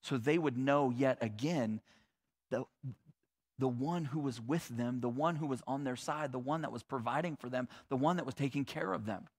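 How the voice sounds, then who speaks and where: A male pastor preaching a sermon in a conversational, animated way with casual asides. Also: medium pitch, moderate pace.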